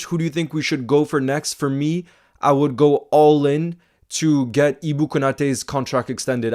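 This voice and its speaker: An excitable man hosting a football fan livestream, chatting casually, saying bro a lot and reading viewer comments aloud. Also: medium pitch. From Iceland. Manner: excitable, fast-talking, says bro a lot.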